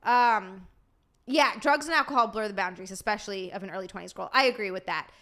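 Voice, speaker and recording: A woman streamer and podcast host chats casually with her viewers and answers their donations, swearing freely and sounding scattered and tired from too little sleep. Her voice sits at a medium pitch and moves fast, with a bright, forceful tone.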